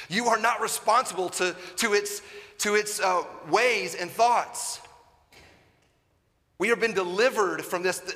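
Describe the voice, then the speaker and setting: Preacher guy, bright forceful voice, kinda high, goes loud then hushed, big church echo. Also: animated, unhurried. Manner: preaching with sudden swings from loud emphasis to hushed quiet. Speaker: pastor. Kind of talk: sermon.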